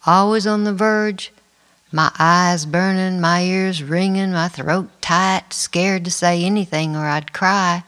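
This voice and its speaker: A middle-aged woman narrating her own life story in the first person, quiet and reflective. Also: on the low side, steady tone, slow. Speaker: memoir narrator. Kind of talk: first-person memoir reading.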